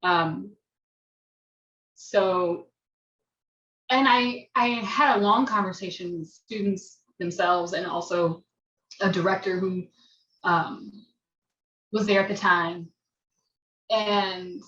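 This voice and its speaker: A woman's voice: mid-range voice, fairly even intonation, slow pace, pauses often, fairly bright tone. An American woman, a dance teacher, thoughtfully recounting her experience on a video-call forum, often restarting her sentences. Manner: thoughtful, restarts, laughs self-consciously. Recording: roomy, distant, dull video-call audio.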